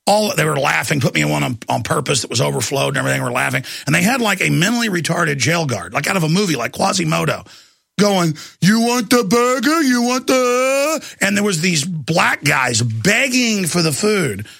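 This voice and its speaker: Male talk radio host, raspy and gravelly, bright high voice, intense and emphatic delivery. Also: lively intonation, fairly quick, hardly any pauses, no echo, clean studio sound. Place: radio studio.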